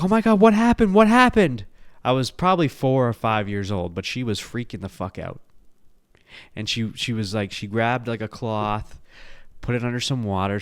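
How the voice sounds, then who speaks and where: Animated podcast host, man from the Bronx, profane storyteller; smooth voice, dry close mic. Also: on the low side, no room sound. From the Bronx, New York. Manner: animated, profane, laughing at his own stories. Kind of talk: casual storytelling.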